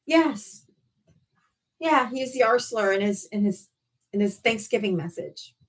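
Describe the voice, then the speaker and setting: A woman's voice: fairly high pitch, expressive, a little slow. A woman streams live from a home setup, talking straight to her viewers. Her delivery is loose, profane and scornful. She keeps a heated, mocking edge as she vents. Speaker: live-stream political debate host. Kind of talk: casual livestream rant.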